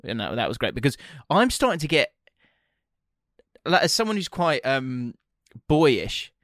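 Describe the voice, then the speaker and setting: A man's voice: medium pitch, fairly bright tone, dry recording. Guy on a podcast, jokey and chatty, dry close sound. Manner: jokey, chatty, laughs a lot. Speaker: podcast co-host. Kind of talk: casual chat.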